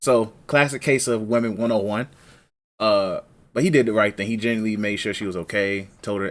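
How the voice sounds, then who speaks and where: A man co-hosting a casual podcast, chatting and joking in a relaxed way. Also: fairly low pitch, brisk. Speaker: podcast co-host. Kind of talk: casual anime recap chat.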